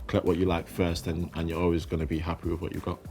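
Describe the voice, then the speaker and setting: In a relaxed interview chat, a young man who plays football professionally and collects cards speaks in a low, flat tone over gentle music. He answers haltingly, repeating words while finding them, and laughs without much prompting.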